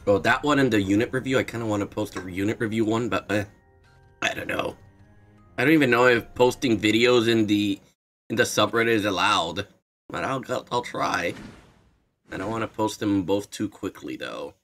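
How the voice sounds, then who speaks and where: A man's voice: fairly low pitch, normal speed, a bit bright, faint music behind. A young man streaming a game readthrough, chatting casually with a sarcastic, jokey manner and some swearing. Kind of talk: casual gaming commentary.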